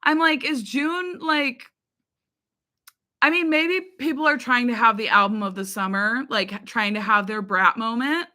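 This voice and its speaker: A woman's voice: on the high side, unhurried, bright, forceful tone. A young woman and YouTube reaction creator chatting casually with viewers in a live chat. She rambles, uses many fillers and laughs often.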